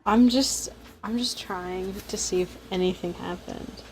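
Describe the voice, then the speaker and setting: A woman's voice: medium pitch, a little slow, a little hiss or hum, low-quality recording. A woman streaming a story game, chatting casually and reading its text aloud in a rambling, giggly way.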